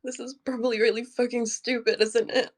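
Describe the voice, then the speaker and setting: Woman, crying, high voice, halting, repeats herself, sobbing laughs, live audio space. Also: flat delivery. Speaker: VTuber.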